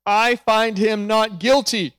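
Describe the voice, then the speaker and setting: Man reading stern roman governor, read-aloud scripture, high-pitched male voice, dry close sound. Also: fairly even intonation, a bit bright, smooth, no echo. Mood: firm. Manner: read aloud with emphatic slowed questions.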